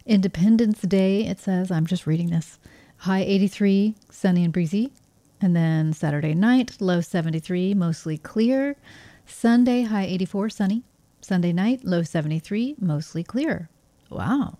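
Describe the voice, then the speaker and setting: A woman's voice: mid-range voice, moderate pace, dark tone, no echo. A woman with a light Texas accent hosting a community radio show, chatty and playful, reading the weather and sponsor credits. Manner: chatty, laughing, loose and playful.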